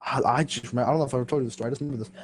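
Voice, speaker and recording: A man's voice: medium pitch, steady tone, racing. A young man hosting a podcast, casually telling a school story with lots of fillers, swearing and laughter. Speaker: podcast host.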